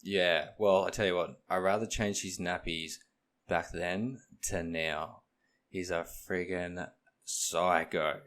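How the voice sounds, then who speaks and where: Deep-voiced young man, animated storyteller. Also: slow pace. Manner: animated retelling with acted-out quotes. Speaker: podcast co-host. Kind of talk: casual chat, storytelling.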